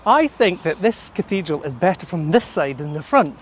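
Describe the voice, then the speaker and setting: A Scottish man with a notably high voice leads a walking tour outdoors, chatting and telling stories as he points things out. He talks among old tombs in a city. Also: very animated, a little hiss or hum. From Scotland. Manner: chatty, storytelling, quick laughs. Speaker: tour guide.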